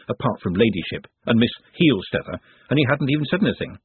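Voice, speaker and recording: A man reading an audiobook in a wry, highly expressive narration, heard over a tinny phone-like line. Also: fast, breathy edge, no room sound. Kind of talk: scripted narration.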